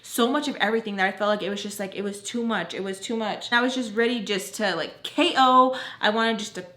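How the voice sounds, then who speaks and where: A young woman telling a personal story in a casual, chatty way, full of "like", with animated retelling. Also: medium pitch, fast talker. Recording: roomy echo.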